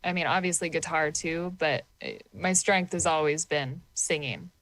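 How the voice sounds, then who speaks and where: Woman from Oklahoma, guest musician; low, frank, swears freely, dry close sound. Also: steady tone, normal speed, fairly bright tone, no room sound, low-quality recording. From Oklahoma, USA. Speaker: guest singer-songwriter. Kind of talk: casual podcast chat.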